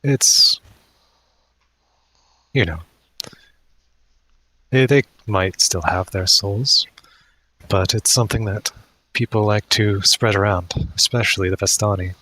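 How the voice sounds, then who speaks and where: A man's voice: on the low side, takes it slowly, pauses often, pushed and bright, poor audio. A man running a tabletop game as dungeon master, often laughing as he voices the townsfolk.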